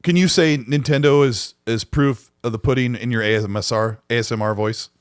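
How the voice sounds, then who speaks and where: A man's voice: medium pitch, fairly quick, clean tone. A man hosting a podcast in casual chat, teasing his co-host with jokes. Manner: joking, teasing banter.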